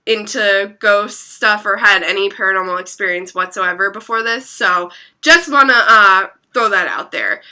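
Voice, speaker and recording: Young adult woman, vlog storyteller; piercing bright tone, rambling filler-heavy chatter, casual swearing. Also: medium pitch. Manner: chatty, constant filler words, swears freely. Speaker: vlogger.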